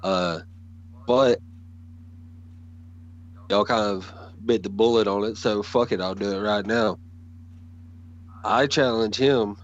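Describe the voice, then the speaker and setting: A man's voice: on the low side, lo-fi sound. A man, talking bluntly and profanely as a guest in a casual chat about wrestling promos.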